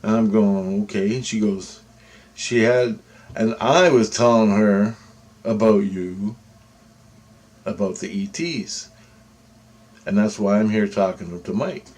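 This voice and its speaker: A man tells a personal story in a loose, rambling way, full of restarts and fillers. His voice sits on the low side. He acts out what others said as he goes. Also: takes it slowly, long pauses, darkish tone. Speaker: vlogger telling personal experiences. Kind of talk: casual storytelling.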